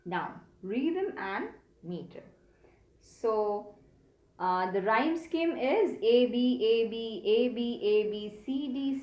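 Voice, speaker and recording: Slow, hesitant woman teaching. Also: mid-range voice, darkish tone, muffled recording. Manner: patient and explanatory, with many hesitant fillers. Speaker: literature teacher. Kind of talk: recorded lecture explaining a poem. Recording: echoey room with faint hum.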